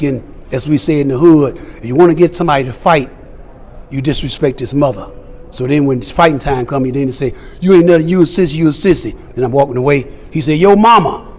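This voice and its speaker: An older man appears as a celebrity guest at a fan convention, telling stories in an interview with emphasis and performing the dialogue of the people in them. His voice is medium-pitched and darkish, with fairly even intonation and a brisk pace.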